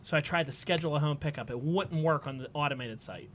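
A man with a slightly high voice tells a long story on a casual podcast. He talks loosely and chats with his co-hosts. He laughs as he goes. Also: fast, a bit bright, a little hiss or hum. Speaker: podcast host. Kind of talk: casual chat.

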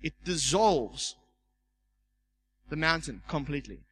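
A man's voice: a little high, expressive, slow pace, fairly bright tone, low-quality recording. A man, a church elder, preaching a sermon and telling a personal testimony, acting out the voices in his story and repeating words as he goes. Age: young adult.

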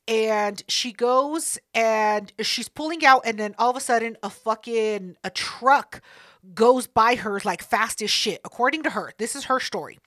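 On a podcast she co-hosts, a woman with a fairly high, fairly bright voice tells a story in casual chat, bluntly and profanely, wandering into asides and correcting herself along the way. She speaks a little slowly, and the recording is dry and studio-quality.

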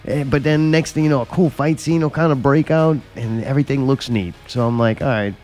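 A man co-hosting a podcast, chatting loosely and swearing freely as he jokes with friends. His voice sits at an ordinary middle pitch. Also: a little fast, a little mellow, soft background music. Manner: loose, profane, laughing banter. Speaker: podcast co-host. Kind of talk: casual chat.

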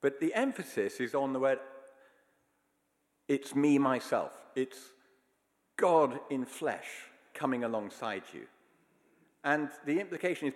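Preacher in an echoing hall. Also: male voice, medium pitch, expressive, measured pace, long pauses. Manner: storytelling, earnest, emphatic. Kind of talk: sermon. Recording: long hall reverb.

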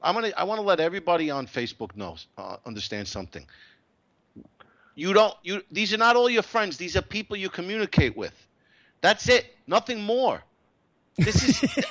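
Bright, high-voiced ranting man. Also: moderate pace, muffled recording. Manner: ranting, swearing, animated. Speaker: co-host. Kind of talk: profane casual radio banter. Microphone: home computer mic.

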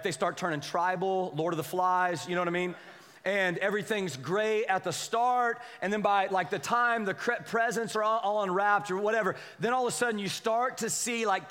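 A man with a high voice delivers a relaxed, conversational sermon full of jokes and quick asides. He keeps turning to the congregation for a nod of agreement. His voice carries a long reverb from the church hall. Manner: animated, joking, keeps asking the crowd "right?" and "amen?". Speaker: pastor.

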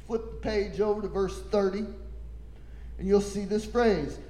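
Male preacher, high voice, slow deliberate delivery, impassioned sermon in an echoey room. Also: fairly even intonation. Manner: impassioned, building to shouting.

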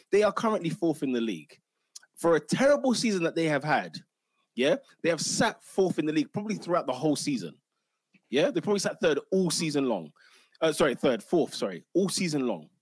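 Excitable man. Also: a little high, fairly quick, husky, no echo. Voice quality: bantering and excitable, full of slang. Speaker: podcast host. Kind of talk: casual football chat.

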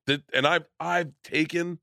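A middle-aged man as a podcast host in casual chat, telling rambling, animated stories with many restarts. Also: on the high side, measured pace, creaky, dry recording, clean studio sound.

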